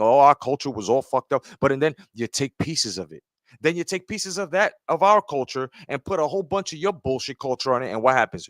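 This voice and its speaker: A man's voice: mid-range voice, fairly bright tone, no room sound, studio quality. A man giving a heated, profane commentary rant, often asking "right?". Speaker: commentary streamer. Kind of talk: ranting commentary.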